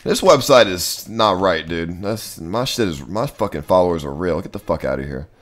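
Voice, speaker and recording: A young man live-streaming in casual, profane chat, talking to himself excitably. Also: low-pitched, moderate pace.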